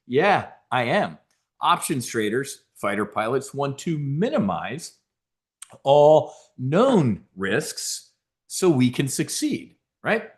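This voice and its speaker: A man giving an energetic trading seminar talk, brash and direct, joking with the audience. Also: medium pitch, a little slow. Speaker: conference speaker.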